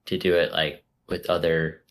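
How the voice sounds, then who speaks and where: A man's voice: deep voice, flat delivery, normal speed, a bit bright. A man hosting a casual podcast chat, rambling with plenty of fillers. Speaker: podcast host.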